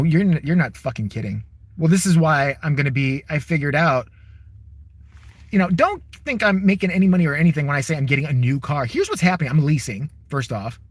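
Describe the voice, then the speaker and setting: A man's voice: a little high, no room sound. Exasperated sweary man ranting from his car. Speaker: vlogger. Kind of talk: casual profane rant to camera.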